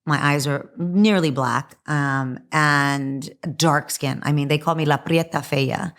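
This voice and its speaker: A hoarse middle-aged woman talking candidly as an interview guest, chatty and full of likes and ums. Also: low voice, slow, a bit bright. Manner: chatty, frequent likes and ums, laughs often.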